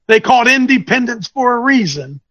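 A man coaching an audience, speaking in an animated, teasing way that quizzes listeners with questions and thinks aloud. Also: very high voice, a little fast, no echo, lo-fi sound. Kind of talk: lecturing talk with rhetorical questions.

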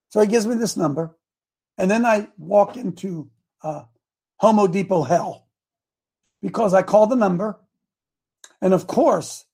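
A man hosting an online group talks through a long, rambling story and keeps restarting his sentences. His voice is high for a man, with a gravelly and husky edge. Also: warm tone. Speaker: host.

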